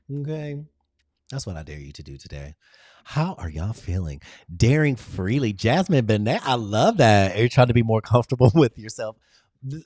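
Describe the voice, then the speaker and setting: A livestream host with a slightly mellow voice gives a forceful motivational talk, captured in studio quality with no room sound. He welcomes viewers by name and hammers home repeated affirmations, his pitch rising and falling widely.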